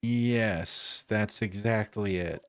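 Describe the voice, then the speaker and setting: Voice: medium pitch, drawn-out words, no room sound. A streamer reading a story game aloud, voicing a weary young man who stammers and deflects with awkward jokes. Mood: evasive. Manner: hesitant, stammering, awkwardly joking. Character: weary young man hiding his distress.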